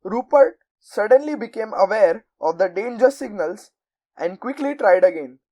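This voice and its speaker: A young woman narrating a children's storybook aloud in a measured, expressive way. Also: mid-range voice, poor audio. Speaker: volunteer audiobook reader.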